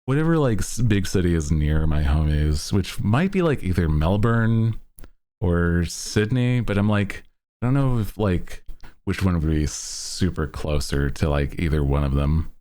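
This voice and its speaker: Relaxed male streamer, low voice, slow drawl, chatty and rambling. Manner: laid-back, rambling with many fillers; bursts into loud laughter. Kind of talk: casual chat.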